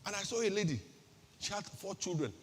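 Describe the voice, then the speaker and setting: A woman's voice: medium pitch, expressive, fairly quick, breathy edge, big-room sound. A woman pastor with a Nigerian accent giving an emphatic sermon-style talk, firing off rhetorical questions and repeating her key phrases.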